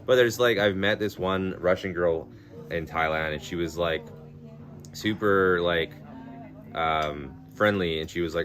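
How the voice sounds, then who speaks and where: A man's voice: low-pitched, measured pace, fairly bright tone. A man live-streaming, chatting casually with viewers in a rambling, laid-back way, swearing freely and laughing through his stories. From Canada. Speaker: livestreamer.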